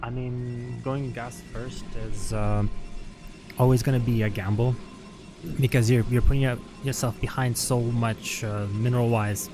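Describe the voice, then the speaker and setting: A man's voice: mid-range voice, steady tone, a little slow, music in the background. Chatty laughing male game commentator. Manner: chatty and analytical, laughs often, many fillers. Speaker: esports commentator. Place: venue at a LAN event.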